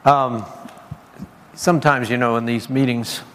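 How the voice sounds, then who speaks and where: A man's voice: medium pitch, fairly even intonation, a little slow, fairly bright tone. A man preaching and giving prophetic words to people in a meeting, in a casual, conversational way with laughing asides and repeated praise. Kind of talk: informal charismatic ministry. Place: church meeting hall. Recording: long hall reverb, faint background ambience.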